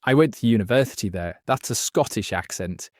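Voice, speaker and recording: A man's voice: on the low side, lively intonation, brisk, background noise. Confident, indignant man. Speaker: quiz contestant. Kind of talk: casual banter.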